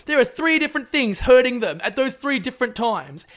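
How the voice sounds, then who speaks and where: A man's voice: very high-pitched, very animated, a little fast, fairly bright tone. An Australian man co-hosting a podcast, agreeable and teasing, often backing up his partner. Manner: agreeable, teasing, mocking sympathy. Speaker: podcast co-host. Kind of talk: casual podcast chat.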